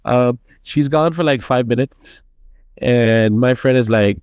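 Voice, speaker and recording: A man co-hosting a podcast, chatting casually and telling a story, acting out the people in it with lively changes of voice. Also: medium pitch, takes it slowly, clear, resonant tone, no room sound. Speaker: podcast co-host.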